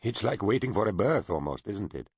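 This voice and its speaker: Narrator as an awkward shipboard envoy, hesitant and apologetic, slightly raised pitch, husky, dry muffled audio. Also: male voice, sing-song, brisk, a little mellow, no room sound, exaggerated voice. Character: nervous bashful middle-aged male ship envoy.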